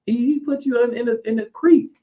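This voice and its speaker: A man, a mayoral candidate, talking in a casual interview, animated and ranting, laughing often. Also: very high voice, a little fast, phone-quality sound.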